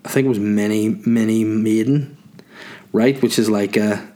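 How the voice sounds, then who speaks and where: A man's voice: lowish voice, fairly even intonation, normal speed, dark tone. A man with a Northern Irish accent delivering a rambling comic monologue as a podcast host. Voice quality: rambling, tangent-prone delivery.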